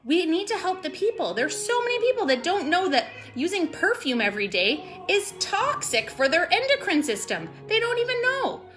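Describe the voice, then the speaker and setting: A high-pitched woman with a bright, sharp voice rambles excitedly to her team in a casual vlog, full of "like" and "totally". She sounds close to tears now and then, and soft music plays faintly behind her. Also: moderate pace, hardly any pauses. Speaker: network marketing vlogger.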